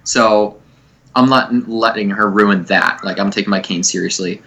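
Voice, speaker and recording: Young male podcast co-host, bright forceful voice, rambling and crude casual storytelling. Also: fairly low pitch, fairly even intonation, normal speed.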